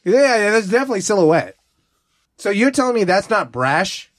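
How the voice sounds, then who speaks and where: A man's voice: high voice, moderate pace, no echo, studio quality. A man co-hosting a casual comedy podcast, joking and laughing through loose banter. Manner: animated, joking, breaks into laughter. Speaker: podcast co-host.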